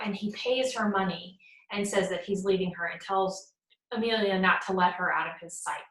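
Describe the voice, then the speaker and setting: A woman's voice: mid-range voice, a bit bright. Woman casually retelling a play, echoey room. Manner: retells scenes, acting out quotes in paraphrase. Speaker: teacher. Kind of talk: casual plot summary lecture.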